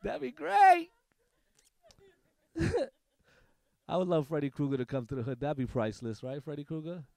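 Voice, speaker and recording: A young man works through a stand-up set, his voice sitting high for a man. He talks in a loose, rambling, jokey way. The sound is close and dry, with little room around it. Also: sing-song, a little fast, dark tone, no echo. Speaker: stand-up comedian. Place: small comedy studio stage.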